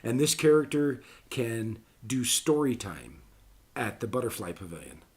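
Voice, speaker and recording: A man's voice: mid-range voice, expressive, unhurried. A middle-aged man talking casually on a podcast, rambling with many ums and restarts.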